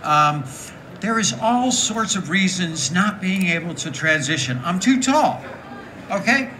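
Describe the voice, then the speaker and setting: A woman in her late sixties with a deep, raspy voice, talking frankly to a live audience and telling stories with jokes. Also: unhurried, a little hiss or hum, poor audio. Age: 60s. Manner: frank, joking, animated storytelling. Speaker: guest speaker. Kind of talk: candid live talk with audience.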